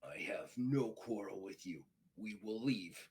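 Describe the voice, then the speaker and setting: A man voicing a vengeful, proud male Klingon warrior, with a low, menacing, clipped delivery in a tabletop game. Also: animated, measured pace, gravelly, breathy edge, full character voice. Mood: cold.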